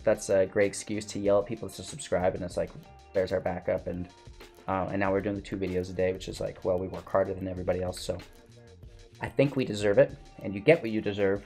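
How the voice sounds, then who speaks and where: A man's voice: deep voice, steady tone, fast, a little mellow, faint music behind. A man giving casual gameplay commentary and a rambling channel outro, tired and a bit out of breath, with lots of fillers. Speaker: gaming YouTuber and streamer.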